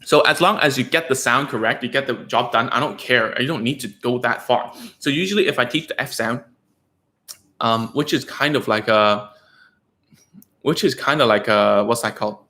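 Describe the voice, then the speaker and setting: A man's voice: mid-range voice, normal speed, sharp tone, reverberant. A man working as a speech therapist, explaining things to parents in a casual, rambling way with lots of fillers and "okay?" checks. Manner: conversational, rambling with frequent fillers and tag questions. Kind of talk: casual educational talk to parents.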